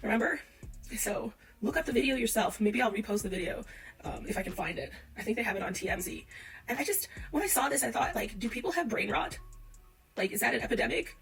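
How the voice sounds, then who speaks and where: A woman's voice: on the high side, animated, quick pace, a bit bright, distant mic, faint music behind, rough recording. A woman giving a casual opinion rant, exasperated and full of rhetorical questions. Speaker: commentator.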